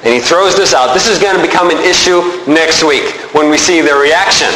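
A man preaching a sermon, animated, with rising emphasis. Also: on the high side, normal speed, echoey room, slight background noise, poor audio. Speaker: pastor.

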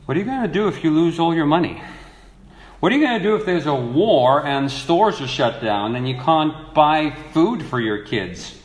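A man's voice: on the high side, lively intonation, normal speed. A man preaching a sermon, reading scripture aloud and asking earnest rhetorical questions. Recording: echoey room.

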